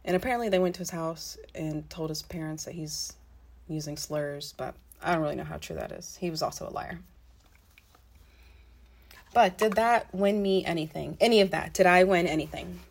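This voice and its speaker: A woman's voice: lowish voice, normal speed. Blunt, foul-mouthed young woman telling a story. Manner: blunt and profane, swearing freely; animated retelling with frequent asides. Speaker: storytelling vlogger. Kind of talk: casual storytime monologue.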